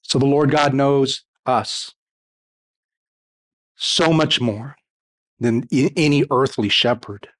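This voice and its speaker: A man's voice: medium pitch, slow, pauses often, fairly bright tone. A male pastor preaching a sermon to his congregation, speaking emphatically with building repetition.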